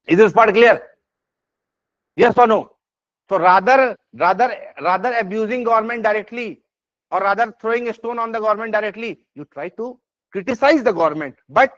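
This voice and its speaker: This man's voice is high-pitched and a bit bright, with no echo, as he teaches a class on exam essays in an Indian English accent. He checks comprehension constantly, asking "yes or no?" and "is this part clear?", while speaking emphatically with plenty of fillers and restarts. It's a dry, slightly dull lo-fi recording.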